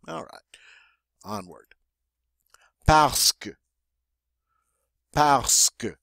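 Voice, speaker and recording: A man teaching French vocabulary. He says each word slowly twice, then explains it in English with dry little jokes. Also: fairly low pitch, no room sound. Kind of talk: classroom vocabulary lesson.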